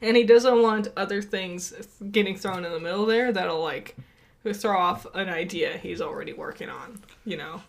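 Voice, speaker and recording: A woman co-hosting a podcast in casual chat, talking in a lively way and laughing often. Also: mid-range voice, normal speed, vocal fry. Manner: chatty, laughs often, animated opinions. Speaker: podcast co-host.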